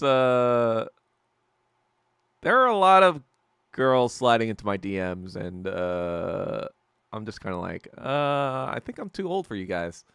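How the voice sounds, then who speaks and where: A man's voice: fairly low pitch, fairly bright tone, clear, resonant tone, dry recording. A man hosting a casual solo podcast chat, ranting with constant swearing and trailing off into fillers and restarts. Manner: profane ranting, heavy swearing. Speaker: podcast host.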